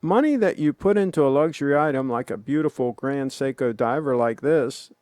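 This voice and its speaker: A man hosting a casual live stream, talking in a relaxed, chatty way to viewers he calls folks. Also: medium pitch, brisk, no echo. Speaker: host.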